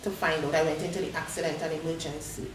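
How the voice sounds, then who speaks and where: A woman tells her story as a talk show guest and acts out the voices of the people in it. Her voice sits on the low side. She is recorded in a roomy space from a distant mic, with faint noise behind her. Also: fairly even intonation, fast talker. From Tobago. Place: studio.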